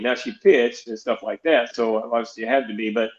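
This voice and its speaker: A man's voice: medium pitch, a little fast, hardly any pauses. Guest: older man, rambling storyteller, echoey dull recording, roomy. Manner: rambling, many restarts, quotes others in dialogue. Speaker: guest, baseball pitching coach. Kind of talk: storytelling interview.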